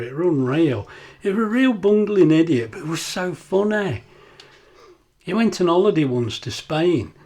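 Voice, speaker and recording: A man's voice: a little high, darkish tone. Chatty older man in kitchen. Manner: chatty, rambling anecdotes, laughs often. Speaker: cooking vlogger. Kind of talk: casual kitchen vlog chat.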